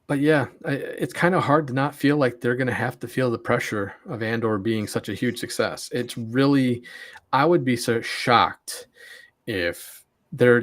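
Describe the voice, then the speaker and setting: A man's voice: medium pitch, a little slow, a bit bright. Man, podcast co-host, casual chat, opinionated, repeats words.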